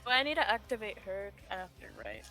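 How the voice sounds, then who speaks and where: A woman player talking casually, quiet and wry. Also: mid-range voice, wildly swooping pitch, moderate pace, very noisy. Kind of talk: casual tabletop play.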